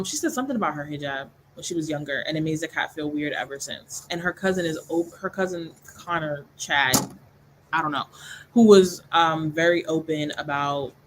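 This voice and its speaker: A woman's voice: low-pitched, a bit bright, slight background noise, rough recording. A young woman hosting a book club livestream, chatting casually and animatedly, laughing often and acting out scenes in voices. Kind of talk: casual chat.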